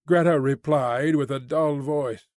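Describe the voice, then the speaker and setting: A man narrating a classic novella as an audiobook reader, measured and expressive. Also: on the high side, dry recording, clean studio sound. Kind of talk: scripted literary narration.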